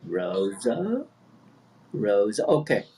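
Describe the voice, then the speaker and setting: A man's voice: fairly low pitch, huge pitch swings, takes it slowly, dark tone. Guy coaching accents over a video call, patient, keeps repeating himself. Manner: patient, repeats instructions often. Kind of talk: online group lesson.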